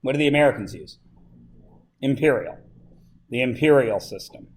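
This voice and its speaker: A male teacher from Canada speaks in an ordinary, mid-pitched voice. He keeps a high school class engaged with quick questions and light teasing. He is recorded in a classroom. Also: expressive, a little hiss or hum. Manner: chatty and joking with the students, asks lots of questions. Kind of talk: classroom lesson.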